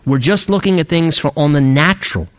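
A man's voice: a little high, fairly quick, muffled recording. A man preaching a sermon, working through a passage verse by verse and adding joking asides. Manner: expository preaching with humorous asides. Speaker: pastor.

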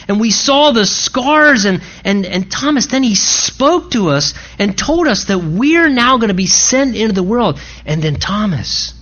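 Eager breathless disciple as a preacher puts him on, high lively voice, tumbling words, dull lo-fi sound. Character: excited disciple retelling a miracle to a friend. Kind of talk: preacher acting out a scene. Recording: dull lo-fi recording.

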